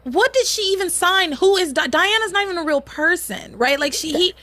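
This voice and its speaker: A woman hosting a podcast in a casual chat, animated and swearing casually as she recaps. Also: extremely high pitch, brisk. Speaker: podcast host recapping a soap opera.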